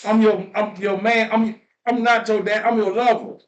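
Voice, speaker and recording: A man with a high voice tells heartfelt stories in a preachy, repetitive way and swears as he goes. His voice rings with a roomy echo. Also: fairly even intonation, normal speed, lo-fi sound. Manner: preachy, repeats phrases, swears freely. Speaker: podcast host. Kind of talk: emotional storytelling chat.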